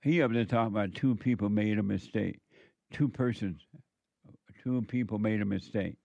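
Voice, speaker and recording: A man's voice: lowish voice, normal speed, creaky, a little mellow, no echo, muffled recording. A man giving a preachy, sarcastic commentary on a news clip, mocking and repeating his phrases for emphasis.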